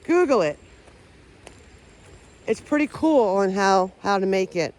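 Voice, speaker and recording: A woman's voice: medium pitch, expressive, a little slow, a little mellow. A woman vlogging outdoors among trees, talking in a loose, rambling way that is often unsure of itself and full of restarted sentences. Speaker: paranormal vlogger. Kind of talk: casual rambling talk to camera.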